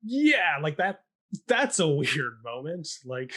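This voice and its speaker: Chatty, bright-voiced young man. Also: fairly high pitch, big pitch swings, slow. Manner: chatty and sarcastic, mock-quoting characters with laughs. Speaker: podcast co-host recapping a stage production. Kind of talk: casual chat.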